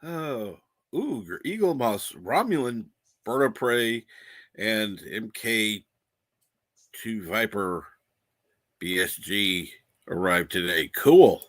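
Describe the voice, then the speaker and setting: Slow-talking laughing male streamer. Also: on the low side, expressive, a bit bright, dry recording. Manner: laughs often, reads chat aloud. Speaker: livestream host. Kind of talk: casual livestream chat.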